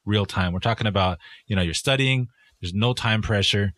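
A man co-hosting a podcast, talking in a relaxed, loose way with lots of casual fillers. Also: lowish voice, moderate pace. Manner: relaxed, loose, fillers like "kinda" and "you know". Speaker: podcast co-host.

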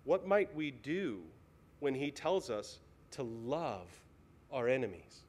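A man's voice: medium pitch, big pitch swings, takes it slowly, a little mellow. A male pastor preaching a sermon in a church, earnest and pleading, asking the congregation many questions. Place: church sanctuary.

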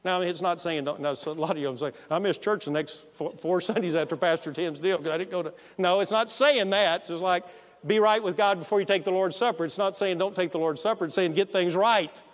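Male pastor, fairly high voice, animated storytelling sermon, long hall reverb. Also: a little fast. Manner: storytelling, animated, quoting himself. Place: church sanctuary.

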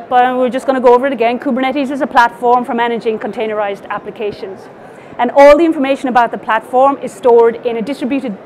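High-voiced Irish woman giving a tech talk. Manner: casual and explanatory, with frequent fillers and restarts. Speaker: conference speaker. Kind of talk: technical talk with slides.

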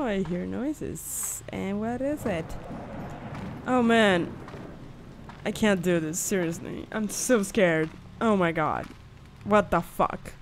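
A young woman commentating a horror game, swinging between shrieking panic and calm muttering and swearing a lot. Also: medium pitch, a little slow, slight background noise. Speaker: gamer.

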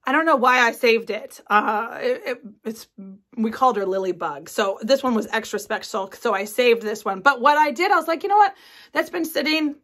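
A woman's voice: on the high side, animated, moderate pace, fairly bright tone. A woman in her forties hosting a craft video at home, chatting enthusiastically about her sewing projects with lots of ums and asides. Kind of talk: casual show-and-tell chat.

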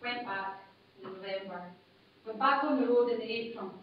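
A woman's voice: on the high side, normal speed, very echoey, a little hiss or hum. A woman from the UK, a paramedic, giving a personal testimony talk at a conference, speaking bluntly in short clipped phrases. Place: conference hall. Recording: distant, muffled room recording from a basic MP3 player.

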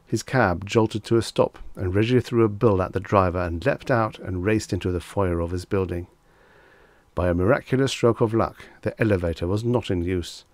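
A man narrating a vintage short story audiobook in a lively, expressive storytelling manner. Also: on the low side, no echo.

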